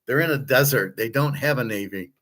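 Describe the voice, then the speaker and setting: A sports handicapper and commentator with a brisk, fairly bright mid-range voice delivers a blunt, rambling monologue. It's full of profanity, fillers and restarts, and he acts out both sides of imagined conversations.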